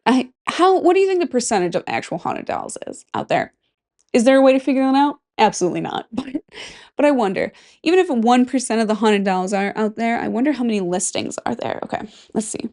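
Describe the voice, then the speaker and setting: A woman's voice: on the high side, big pitch swings, a little fast, darkish tone. Chatty Midwestern woman podcast host. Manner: chatty, rambling, jokey asides and self-interruptions. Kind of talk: casual podcast chat, reading a list aloud.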